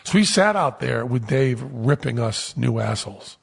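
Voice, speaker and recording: A man casually telling a lively anecdote as a podcast host, acting out the quotes. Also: medium pitch, moderate pace, gravelly, breathy edge, long reverb tail. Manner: animated storyteller, acts out quotes.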